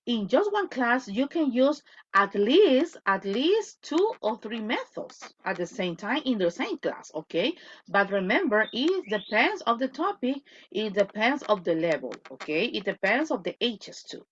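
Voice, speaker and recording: Woman teacher on a video call, animated and higher-pitched, keeps checking "okay?", faint noise behind. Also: a little slow. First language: Spanish. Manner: switches between English and Spanish, repeats points, asks "okay?". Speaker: English teacher. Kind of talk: online class lecture. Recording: dull lo-fi audio.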